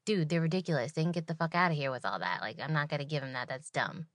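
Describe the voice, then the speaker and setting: A laid-back restaurant manager brushes things off in a quick, low, scoffing voice, as a woman puts him on in a story. The sound is dry and close. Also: fairly bright tone, dry recording.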